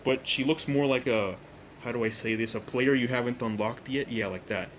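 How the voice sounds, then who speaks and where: A young man hosting a storytime vlog, rambling and jokey, with deadpan asides. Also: medium pitch, moderate pace, a little hiss or hum. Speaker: YouTuber storyteller.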